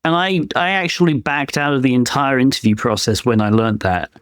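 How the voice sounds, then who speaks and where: A man's voice: medium pitch, brisk, a bit bright, clean tone, no room sound, studio quality. A man co-hosting a podcast in casual chat, giving his opinions as he thinks them through. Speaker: podcast co-host; penetration tester.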